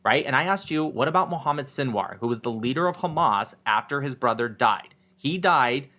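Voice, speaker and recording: Man debating in a calm, dismissive way. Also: medium pitch, moderate pace. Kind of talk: heated online debate.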